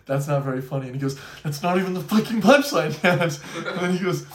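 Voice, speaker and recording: Far from the mic in an echoey room, a young man co-hosts a podcast, speaking fairly quickly in a fairly high voice. It's casual chat where he tells stories animatedly and laughs often.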